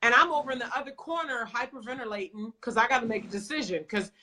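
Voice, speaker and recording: A woman's voice: fairly high pitch, fast, bright, forceful tone. A woman coach, telling a story in a blunt, emphatic way with some swearing, in a casual conversation. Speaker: business coach.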